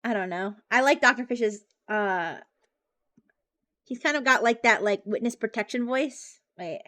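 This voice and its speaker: High-voiced bubbly woman streamer. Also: lively intonation, measured pace, fairly bright tone. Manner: chatty and bubbly, with frequent giggles and restarts. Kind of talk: casual live-stream chat.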